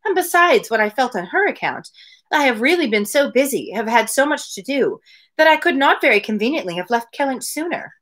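A woman reading aloud and voicing a calm, reasonable young woman. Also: high voice, fairly quick, voice pushed up, exaggerated voice. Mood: patient.

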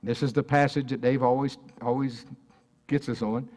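A man's voice: medium pitch, level tone, normal speed, a little mellow. Male preacher, conversational sermon delivery, mid-range voice, keeps quizzing the congregation. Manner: conversational, asks the congregation questions. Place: church service.

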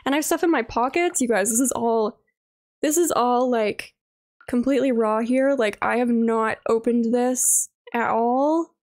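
A woman's voice: a little high, unhurried, darkish tone. A young woman streaming a game live, gushing and greeting her viewers one by one.

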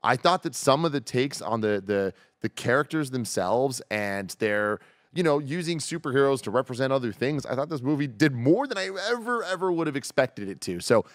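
A man co-hosting a casual movie review podcast, talking with animated enthusiasm and getting loud on the high points. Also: moderate pace, no echo, studio quality. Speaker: podcast co-host.

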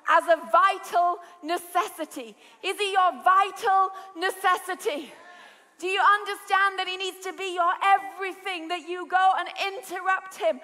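A British woman preaching a sermon, telling stories with lively energy and rising to shouts. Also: very high voice, moderate pace. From Britain. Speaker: pastor. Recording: large hall with long reverb.

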